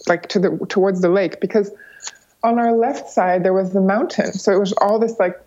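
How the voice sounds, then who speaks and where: A young woman telling a travel story in casual conversation. She talks in an animated way and acts out the other people's lines in a higher voice. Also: normal speed. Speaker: guest storyteller. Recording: slightly dull lo-fi sound.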